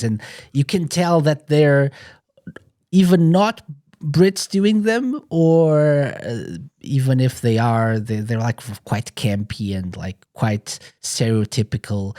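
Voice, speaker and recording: Dry-sounding podcast host, non-native English. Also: male voice, medium pitch, a little mellow, no room sound. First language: not English. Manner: inquisitive, hedging with fillers. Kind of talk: casual chat.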